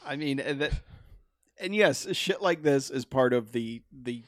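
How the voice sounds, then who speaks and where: A man co-hosting a casual movie podcast, talking through a plot with lots of stammered restarts. His voice sits at a middle pitch, and the sound is close and very dry. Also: animated, a little slow, dry recording. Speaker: podcast co-host. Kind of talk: casual movie-review chat.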